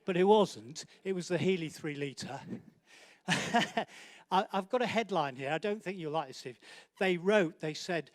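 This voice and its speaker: A man's voice: sits high, animated, a little slow, no echo. A man hosting an awards night, doing joking live banter as he walks between the banquet tables and teases guests by name. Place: large indoor banquet hall.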